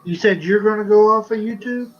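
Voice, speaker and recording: A man's voice: high voice, brisk, lo-fi sound. A man from the United States hosting a livestream, chiming in with short, attentive questions. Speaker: livestream host. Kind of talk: casual chat.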